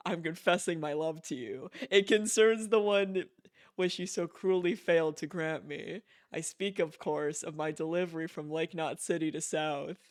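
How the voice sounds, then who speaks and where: A man's voice: on the high side, smooth, lightly acted. A man reading aloud as a formal, flowery male letter-writer, stilted and old-fashioned in his phrasing.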